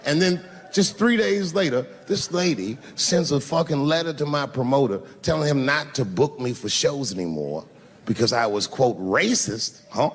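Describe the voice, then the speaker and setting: A man performing a stand-up set, telling a profane story that swings from low, drawn-out lines to high shouts. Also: lively intonation, breathy edge. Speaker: stand-up comedian. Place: large theater stage. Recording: reverberant theater with loud crowd laughter.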